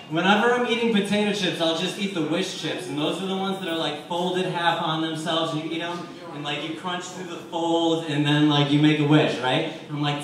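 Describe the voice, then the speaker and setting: A high-voiced man rambles through a profane stand-up set from a bar stage, mocking himself as he goes. He is caught from across a very echoey room, and his voice sounds distant. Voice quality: rambling, profane, self-deprecating. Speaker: stand-up comic. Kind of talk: stand-up set at an open mic. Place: bar stage before a live audience. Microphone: handheld stage microphone, caught by a distant camera.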